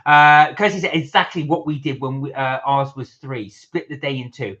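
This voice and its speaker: A man's voice: mid-range voice, normal speed, pushed and bright. A man co-hosting a casual live-stream chat, reading viewer comments aloud with frequent uhs. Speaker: vlog co-host. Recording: dull lo-fi stream audio.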